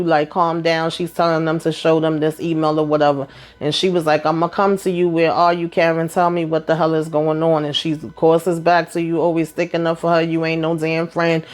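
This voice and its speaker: A woman casually recapping a TV episode, acting out characters' lines in quick, animated bursts and blunt, profane asides. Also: low voice. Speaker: TV show recap host.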